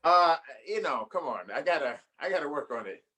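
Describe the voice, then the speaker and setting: Male comedian guest, animated storyteller, bright and expressive. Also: a little high, fairly quick. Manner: animated storyteller, laughs often. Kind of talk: casual chat on a video call.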